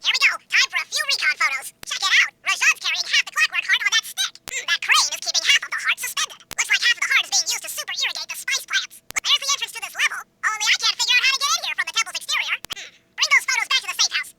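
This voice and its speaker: A woman's voice: very high-pitched, lively intonation, sharp tone, faint music behind, full character voice. A woman playing a smug nerdy genius. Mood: instructive. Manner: fast briefing, brainy instructions. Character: nerdy male genius tech expert, smug.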